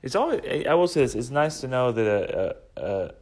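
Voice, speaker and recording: A man's voice: mid-range voice, very animated, a little fast, darkish tone. Amused man, slightly off-mic. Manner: amused, hesitant, filler-laden. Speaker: podcast co-host answering a voicemail.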